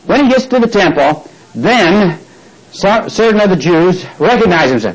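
This preacher has a high, expressive voice and a moderate pace, though the recording is rough. Retelling a story from scripture, he acts out the speakers, lets the congregation finish his lines, and keeps restarting.

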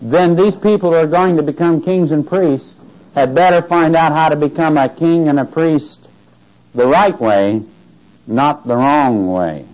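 Questioning preacher on a dull recording. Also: male voice, on the high side, measured pace, a little mellow. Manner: asks the congregation questions and waits for answers; reads scripture aloud with rising emphasis. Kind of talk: Bible teaching sermon.

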